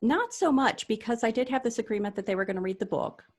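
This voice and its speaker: A woman author being interviewed, talking in a measured, explanatory way and telling anecdotes. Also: on the high side, animated. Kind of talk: casual interview chat.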